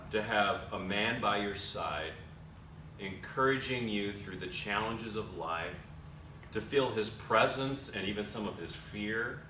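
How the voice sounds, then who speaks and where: A young man speaking to a men's ministry dinner conference, telling a personal story in an animated way and acting out other people's lines. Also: medium pitch, a little hiss or hum. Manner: animated, acts out his grandfather's lines. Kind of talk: storytelling talk to an audience. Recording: echoey hall, slightly distant mic.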